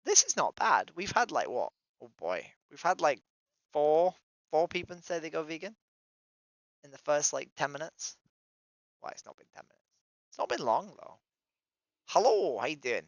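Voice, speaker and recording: A woman's voice: sits low, big pitch swings, moderate pace, long pauses, muffled recording. A woman streaming from home in casual live-stream chat, talking to herself between strangers and swearing freely. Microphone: desk microphone.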